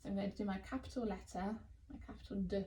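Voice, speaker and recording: A woman with an English accent teaching phonics to young children, sounding out letters slowly and praising often. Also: medium pitch, steady tone, mellow, a little hiss or hum. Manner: slow, sounding out letters, encouraging. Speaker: early years teacher.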